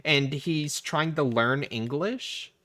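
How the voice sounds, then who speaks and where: A man's voice: fairly high pitch, takes it slowly, pushed and bright. A man casually telling a long, rambling childhood story on a gaming livestream, with lots of restarts and acted-out quotes. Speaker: livestream host. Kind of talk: casual chat.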